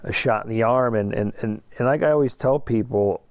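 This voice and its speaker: A man's voice: medium pitch, a little fast, no echo, highs cut off. A middle-aged man from Ohio, a basketball coach, telling his story in a casual interview with many fillers and restarts. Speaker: high school basketball coach, guest.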